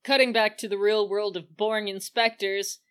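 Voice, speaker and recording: A woman co-hosting a podcast, excitedly recapping a film in casual chat, laughing often. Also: mid-range voice, normal speed, smooth. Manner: excitable, laughing, animated retelling. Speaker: podcast co-host.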